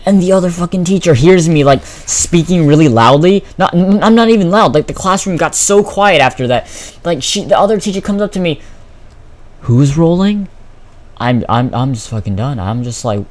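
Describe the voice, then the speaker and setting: A teenage boy telling a story in a casual vlog, profane, exasperated and animated. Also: on the high side. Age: teens. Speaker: vlogger.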